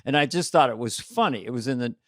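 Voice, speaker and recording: A man's voice: medium pitch, animated, fast, fairly bright tone, no room sound, clean studio sound. An older man co-hosting a comedy podcast, chatting casually and playfully, laughing often at his own jokes. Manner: playful, laughing, self-deprecating. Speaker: podcast co-host.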